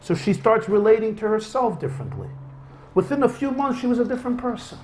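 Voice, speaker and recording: A man's voice: sits high, quick pace, slight background noise. A man teaching a class as a rabbi, telling a story as a lecture and acting out the dialogue. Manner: animated, acts out quoted dialogue. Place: lecture hall with a live audience.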